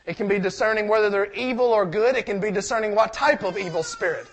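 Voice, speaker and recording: A man's voice: high voice, fast talker, slight background noise. A man preaching a sermon, reading scripture aloud and asking the congregation questions in a conversational way.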